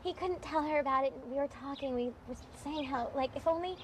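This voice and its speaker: A woman's voice: sits high, brisk, slight background noise. A young woman talking in a chatty, earnest, cheerfully oblivious way in an improvised mockumentary scene. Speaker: girlfriend.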